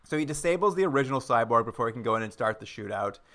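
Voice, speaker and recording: Podcast co-host, male, bright voice, dry humor, quick laughs. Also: mid-range voice, lively intonation. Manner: wry recaps, laughs often. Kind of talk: casual chat.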